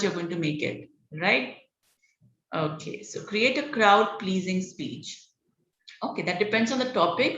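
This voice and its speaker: Woman coaching public speaking online, lively and encouraging, muffled sound, echoey room. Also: on the low side. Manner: energetic, encouraging, frequent "okay" and "all right" fillers. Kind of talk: online training session. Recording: dull roomy lo-fi online call audio.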